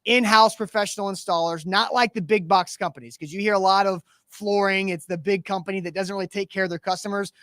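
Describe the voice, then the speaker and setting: Man, sports talk host, high voice, dry close sound, energetic casual chat. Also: quick pace, few pauses, dry recording. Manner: energetic, chatty, reads sponsor plugs.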